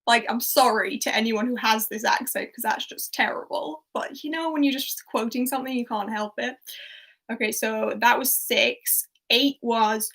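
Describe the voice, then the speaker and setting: A young woman runs a quiz over a livestream in a relaxed, talkative way, with a slightly high voice. She laughs easily between questions and reads each one out twice so everyone can follow. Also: measured pace, low-quality recording. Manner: chatty, laughs often, reads out and repeats quotes. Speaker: quiz host. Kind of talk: casual livestream quiz hosting.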